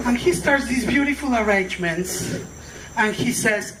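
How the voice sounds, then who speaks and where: Slow, playful storyteller man. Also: extremely high pitch. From Mexico. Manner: animated, playful, self-mocking. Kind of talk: live comic storytelling. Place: event room at a library. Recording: distant mic with background noise.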